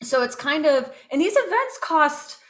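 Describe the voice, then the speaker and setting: Animated woman podcast co-host. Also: high voice, a little slow. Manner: animated, emphatic, uses "like" and "um". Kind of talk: casual podcast chat.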